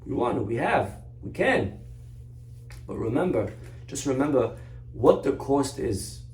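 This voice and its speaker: A man's voice: medium pitch, sing-song, unhurried, darkish tone. A man, a rabbi, teaching a Torah class through an earnest story. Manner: earnest, story-driven, exhorting. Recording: roomy echo, far from mic.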